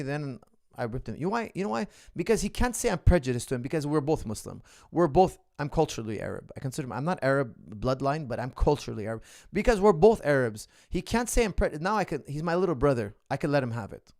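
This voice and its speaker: Gravelly-voiced man coaching on a livestream. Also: a little high, very animated, fast talker, hardly any pauses, a little mellow. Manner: emphatic, joking storyteller. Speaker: martial arts coach. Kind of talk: livestream Q&A chat.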